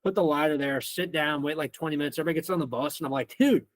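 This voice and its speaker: A man's voice: on the high side, racing, no echo. Young man, Missouri-raised, casual storytelling, swears a lot, acts out quotes, dry mic. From Missouri, United States. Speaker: podcast guest.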